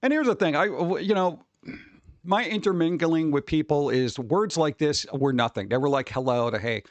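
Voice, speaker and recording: A man ranting on a casual livestream about advice posts, swearing freely and mocking people in quick put-on voices, his tone exasperated and sarcastic. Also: a little high, no echo. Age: adult who worked at a record store. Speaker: streamer reacting to advice posts.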